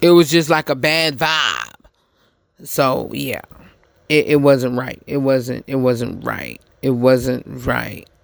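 A man hosting a podcast, giving a casual commentary monologue, halting and repeating himself with many fillers. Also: medium pitch, gravelly, dry recording. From United States. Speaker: podcast host.

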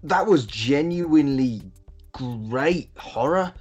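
A man's voice: medium pitch, lively intonation, takes it slowly, darkish tone, breathy edge, lo-fi sound, faint music behind. A man co-hosting a podcast in casual chat, dry and self-deprecating. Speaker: podcast co-host.

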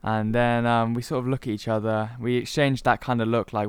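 A man's voice: mid-range voice, little pitch movement, brisk, clean tone, dry recording. A young man from Cornwall, a podcast co-host, rambling through a made-up story with lots of ums. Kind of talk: casual chat, telling a made-up story.

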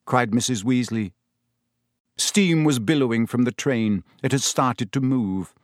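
A man narrating an audiobook chapter in an expressive storytelling voice. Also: medium pitch, a little slow, no room sound, clean studio sound.

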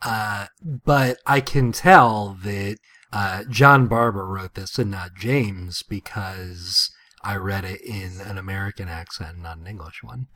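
A man's voice: on the low side, slow pace, bright, forceful tone. A man co-hosting a casual chat, dry and fond of acting out characters' lines. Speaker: podcast co-host.

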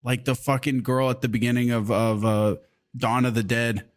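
A man in his thirties chatting casually on a podcast, telling profane stories with lively impressions of others. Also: moderate pace. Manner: profane, animated storyteller, acting out others' lines in a high voice. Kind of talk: casual chat, storytelling.

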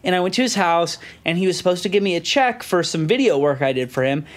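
A young man and podcast host, a little tipsy, telling a rambling, animated story with plenty of swearing. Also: sits high, fast talker. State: tipsy from drinking. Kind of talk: casual storytelling.

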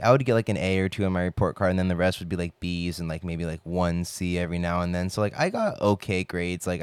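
A man's voice: deep voice, clean tone, no room sound. A young man telling stories in a casual podcast monologue, rambling and swearing with lots of filler words.

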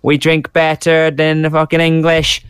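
Podcast co-host, Scottish man, blunt and sweary, smooth clear voice in a dry booth. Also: fairly high pitch, monotone, normal speed, fairly bright tone, no room sound. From Scotland. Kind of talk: casual chat.

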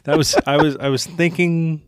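A man's voice: fairly high pitch, fairly even intonation, moderate pace, no room sound, clean studio sound. A man co-hosting a podcast in casual chat, telling stories in a loose, rambling way. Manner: rambling, with restarts and fillers. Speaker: podcast co-host.

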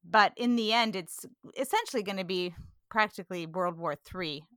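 A woman from California talking earnestly about scripture in a casual discussion, animated and quick to laugh. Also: mid-range voice, no room sound, clean studio sound.

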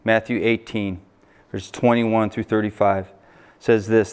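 A man's voice: fairly low pitch, level tone, unhurried, clear, resonant tone. An American man preaching a sermon as pastor, reading scripture and adding emphatic asides.

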